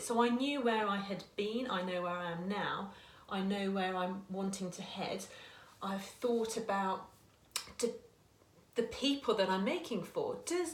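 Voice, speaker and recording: A woman in her forties, a small business owner, giving earnest, chatty advice to camera and often restarting her sentences. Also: on the high side. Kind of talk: casual talking-to-camera advice. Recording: echoey room.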